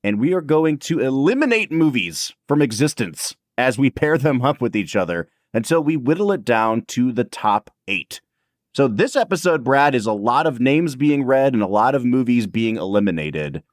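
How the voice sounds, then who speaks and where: A man's voice: mid-range voice, sing-song, normal speed, dry recording, clean studio sound. A man co-hosting a casual podcast, upbeat and explaining things to listeners. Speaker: podcast co-host.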